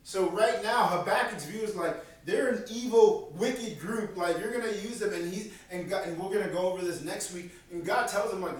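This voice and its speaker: A man preaching a sermon in a lively, animated way, acting out the voices of the people in his story. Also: high-pitched, moderate pace, few pauses. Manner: animated, acts out voices of God and prophets. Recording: echoey room from far off.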